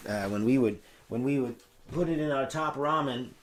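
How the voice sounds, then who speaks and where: A man's voice: mid-range voice, normal speed, a little hiss or hum. A middle-aged man hosting a casual chat, rambling with many fillers and restarts. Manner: rambling, warm-hearted, breaks into singing. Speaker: host.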